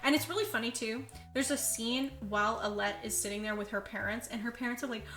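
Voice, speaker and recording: A woman retells a movie scene by scene in loose, chatty podcast talk, slipping into the characters' lines as she goes. Her voice is bright and sits fairly high. The room is echoey, with faint music playing underneath. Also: quick pace. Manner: animated storyteller, acts out quotes, says "like" a lot. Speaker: podcast co-host. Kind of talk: casual chat recapping a movie.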